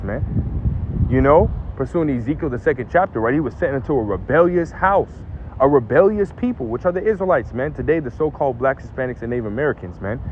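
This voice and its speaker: A man preaches in a loose, conversational way, checking in with "right?" and "man" after almost every phrase and stammering repeats when he pushes a point. His voice sits at an ordinary middle pitch. The recording is dull and lo-fi, with faint traffic noise from outdoors behind him. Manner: casual, keeps adding "right?" and "man"; repeats words when emphatic. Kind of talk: informal religious commentary.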